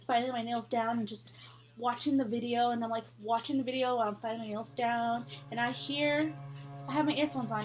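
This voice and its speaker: A young woman telling a scary story in a casual, rambling way, full of fillers and swearing. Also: on the high side.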